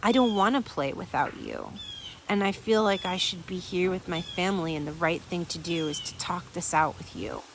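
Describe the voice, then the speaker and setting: A woman quoting her husband as a remorseful grown man, halting and earnest. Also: fairly low pitch, noisy background, lightly acted. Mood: tender. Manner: halting, earnest, soft-spoken. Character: remorseful grown man apologizing to his wife.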